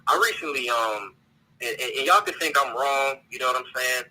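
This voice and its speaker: A man's voice: medium pitch, lively intonation, brisk, pushed and bright, breathy edge, rough recording. A man calling in to a talk show, ranting bluntly and with profanity, often repeating words as he searches for them. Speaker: caller. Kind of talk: heated call-in rant.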